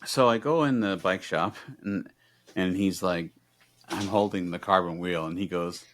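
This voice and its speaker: A middle-aged man co-hosts a casual podcast, a bit low in pitch. He tells his story with energy and acts out the other people in it, voice jumping up when he quotes them. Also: unhurried, a little hiss or hum. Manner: animated storyteller acting out both sides of conversations. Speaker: podcast co-host.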